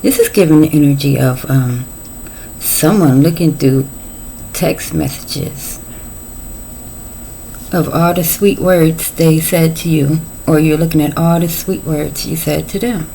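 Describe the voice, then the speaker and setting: Middle-aged lady chatting through a tarot spread, lowish gravelly voice, faint noise behind. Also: a little slow, warm tone, rough recording. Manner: chatty, folksy, playful asides. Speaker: tarot reader. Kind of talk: casual tarot reading.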